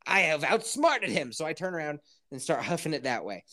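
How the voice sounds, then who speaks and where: A man hosting a podcast, telling a story in a casual, animated way, full of swearing and acted-out quotes. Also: fairly high pitch, fairly quick. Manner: animated, profane, acts out quotes. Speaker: podcast host.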